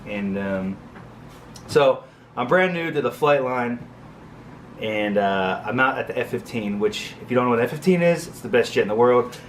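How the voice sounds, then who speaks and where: A man's voice: medium pitch, lively intonation, normal speed, slight background noise. A man in his thirties casually telling a long military story, rambling with lots of fillers and jokey asides. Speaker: Air Force crew chief telling a story.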